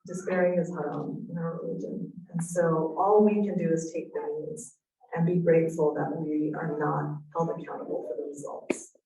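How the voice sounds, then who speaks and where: Female speaker, low-ish register, sincere storytelling tone, off-mic in a roomy space. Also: little pitch movement, moderate pace, warm tone. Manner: earnest, reflective, storytelling. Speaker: speaker at a parenting talk. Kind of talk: inspirational talk. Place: event room. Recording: echoey room, voice from a distance.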